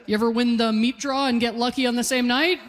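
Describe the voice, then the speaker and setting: A woman's voice: fairly high pitch, steady tone, fast talker, big-room sound, noisy background. A Canadian woman in her forties doing a stand-up comedy set, brash and self-deprecating in her storytelling. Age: 40s.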